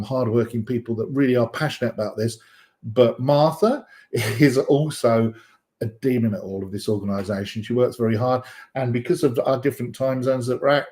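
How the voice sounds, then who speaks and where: A man hosts a live stream and chats loosely with viewers, greeting them by name and cracking small jokes. His talk rambles, with plenty of ums, uhs and restarts. His voice sits at an ordinary middle pitch for a man. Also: darkish tone. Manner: chatty and rambling, many fillers and restarts. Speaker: livestream host. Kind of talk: casual live-stream chat.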